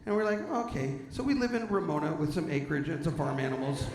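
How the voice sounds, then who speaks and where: Male stand-up comic, animated storyteller; high, gravelly, roomy live-venue sound. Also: quick pace, crowd noise. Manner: animated storytelling, bursts into shouting. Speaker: stand-up comedian. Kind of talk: clean stand-up comedy. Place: stage before an audience.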